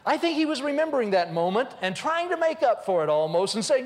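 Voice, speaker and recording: A man's voice: extremely high pitch, fast, in a large hall. A man preaching a humorous storytelling sermon, acting out the voices of the people in his story. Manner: animated, humorous, acts out voices. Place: church.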